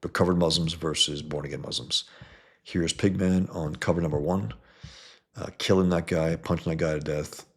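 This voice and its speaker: A man's voice: rumbling low, fairly even intonation, moderate pace, breathy edge. A man, a comic book creator, talking casually through his own work in a review vlog, blunt and emphatic, often repeating words as he goes. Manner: blunt, emphatic, swears freely.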